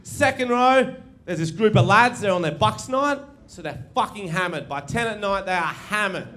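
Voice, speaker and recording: A young Australian man performing stand-up comedy on stage, animated and swearing, often laughing at his own stories. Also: high voice, moderate pace. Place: theatre stage with live audience.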